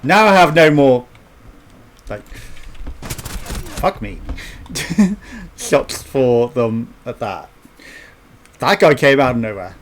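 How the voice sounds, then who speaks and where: A man's voice: mid-range voice, animated, slow pace, long pauses, a little hiss or hum. Chatty man streaming a shooter. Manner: chatty, swears, laughs often, teasing. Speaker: game streamer. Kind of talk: casual gameplay commentary.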